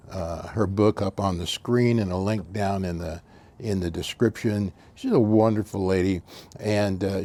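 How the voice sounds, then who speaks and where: A man's voice: fairly low pitch, warm tone. An older man telling a story in a folksy, meandering, earnest way as host of his own channel. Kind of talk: casual storytelling.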